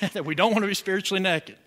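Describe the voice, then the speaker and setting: A man's voice: high-pitched, fairly quick, sharp tone. A man preaching a sermon as pastor, asking the congregation questions and building to emphatic points. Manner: preaching with rising emphasis and call-and-response questions.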